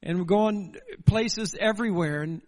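A man's voice: sits high, unhurried, a little mellow, in a large hall. A man preaching a sermon in a church, earnest and building through repeated rhetorical questions. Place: church sanctuary.

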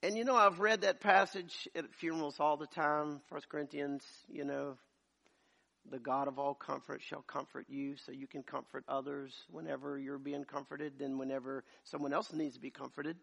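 A man preaching a sermon as pastor, moving from quiet storytelling to loud, shouted preaching. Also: fairly high pitch, steady tone, moderate pace, gravelly. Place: church.

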